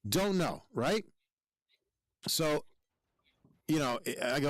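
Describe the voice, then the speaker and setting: A man's voice: on the high side, very animated, slow pace, dry recording. A man who works as a firefighter, co-hosting a casual chat and telling a story bluntly with lots of swearing and restarts. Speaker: podcast co-host.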